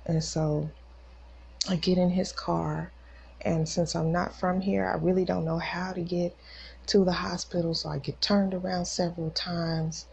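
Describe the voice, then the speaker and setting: Gravelly low-voiced woman telling a testimony. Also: level tone, unhurried, darkish tone, slight background noise. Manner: emotional, acts out quoted voices; casual, conversational storytelling. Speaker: podcast host. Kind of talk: personal faith testimony, storytelling.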